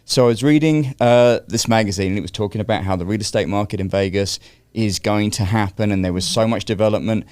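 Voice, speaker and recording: A man in his fifties with a London accent chats through his stories as a podcast guest, dropping wry asides as he goes. His voice sits low and comes across smooth and clear. The sound is close and dry. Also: fast talker, hardly any pauses, darkish tone, no echo. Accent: London English. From London, England. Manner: chatty anecdotal storyteller, wry asides. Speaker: guest, real estate broker. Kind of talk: casual interview chat.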